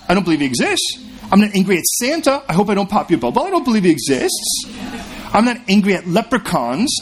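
A man preaching a sermon in a conversational, storytelling way, acting out the voices in his anecdotes. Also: high voice. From California. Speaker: pastor.

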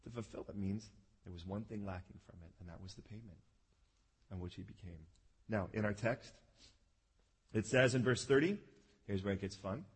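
A male pastor delivering a sermon, telling a story animatedly, acting out the characters and shouting their pleading lines. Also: on the low side, normal speed, long pauses, slightly rough. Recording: long reverb of a large hall.

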